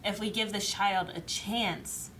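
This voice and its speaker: A woman co-hosting a casual reaction chat, thoughtful and measured, laughing easily. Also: medium pitch, fairly even intonation, a bit bright, a little hiss or hum, poor audio. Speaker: co-host reacting to a TV episode.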